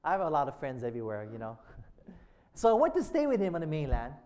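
A male pastor preaching a sermon in a call-and-response manner, often checking in with "amen?" and slowing down to read quotations aloud. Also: on the high side, wildly swooping pitch, a little mellow. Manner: slows and lifts voice reading quotations aloud.

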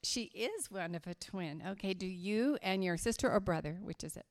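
A woman from West Virginia giving a children's sermon at church, telling a story slowly and emphatically to the kids. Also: mid-range voice, animated.

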